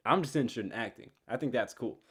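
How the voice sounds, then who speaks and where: A young man co-hosting a casual podcast, rambling and laughing often as he retells conversations with animated quoted voices. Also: medium pitch, fast talker, breathy edge. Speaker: podcast co-host. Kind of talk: casual chat.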